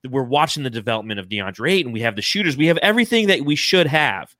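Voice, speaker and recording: Excited bright-voiced young man hosting. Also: medium pitch, quick pace, no room sound, clean studio sound. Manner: excited, swearing, reads donations aloud. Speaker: podcast host. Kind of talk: casual livestream chat.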